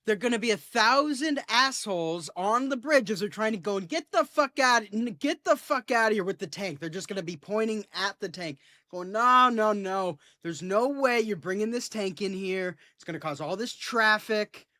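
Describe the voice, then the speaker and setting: A man's voice: sits high, moderate pace, hardly any pauses, no echo, clean studio sound. A man co-hosting a comedy podcast, telling stories in casual chat and acting out the people he quotes. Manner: animated storyteller, acts out quoted people. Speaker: podcast co-host.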